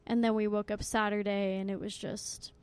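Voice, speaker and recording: A young woman co-hosting a casual chat, telling an animated story full of swearing and filler "like"s. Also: mid-range voice, moderate pace, clear, resonant tone. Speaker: co-host.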